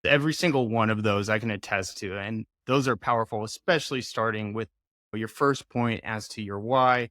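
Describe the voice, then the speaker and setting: A man's voice: on the low side, normal speed, a bit bright, no room sound, clean studio sound. A man hosting a podcast interview in a casual, affirming and supportive way. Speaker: podcast host.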